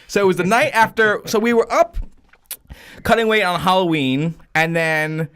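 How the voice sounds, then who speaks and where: A man in his thirties hosting a podcast, telling profane, animated stories full of acted-out quotes. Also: sits high, normal speed, clear, resonant tone. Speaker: podcast host. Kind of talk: casual storytelling chat.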